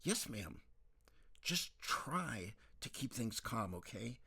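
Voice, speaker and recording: Man doing a calm, polite doctor. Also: mid-range voice, vocal fry, slightly rough, no room sound, exaggerated voice. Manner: measured, courteous, says ma'am.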